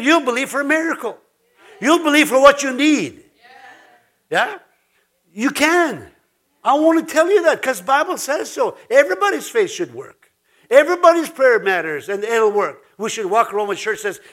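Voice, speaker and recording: High bright-voiced preaching man. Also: lively intonation, normal speed. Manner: chatty, laughing, frequent restarts. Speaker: pastor. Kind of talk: informal sermon.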